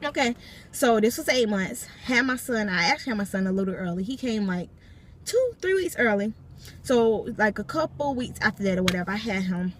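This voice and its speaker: A woman's voice: mid-range voice, expressive, fairly quick. A young adult woman vlogger recounting a personal story from a parked car, talking emphatically and turning to her viewers again and again. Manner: emphatic, keeps addressing viewers directly. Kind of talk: storytime vlog.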